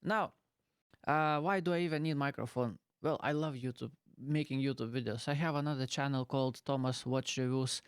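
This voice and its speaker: A YouTuber speaking in halting, non-native English in a casual explainer vlog, recorded in a small bedroom on a close dynamic mic. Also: male voice, medium pitch, clean tone, no echo. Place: small bedroom with pillows piled around. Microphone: close dynamic studio mic.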